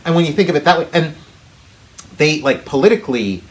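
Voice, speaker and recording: A man's voice: fairly high pitch, lively intonation, brisk. A man co-hosting a casual podcast, rambling through long explanations full of "like" and "you know". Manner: rambling, many fillers and restarts. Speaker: podcast co-host. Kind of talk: casual chat.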